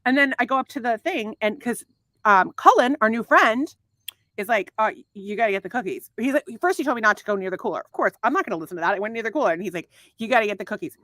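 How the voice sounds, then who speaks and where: A woman's voice: on the high side, lively intonation, fast, sharp tone, dry recording, studio quality. A middle-aged woman co-hosting a casual married-couple podcast, crude and rambling, laughing often. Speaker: podcast co-host.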